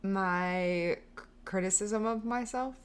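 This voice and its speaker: A woman's voice: mid-range voice, slow, clear, resonant tone. A woman in her thirties co-hosting a podcast, talking in a chatty, emotional way with lots of "like". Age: 30s. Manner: chatty, emotional, heavy use of "like". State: sweating. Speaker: podcast co-host. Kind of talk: casual chat.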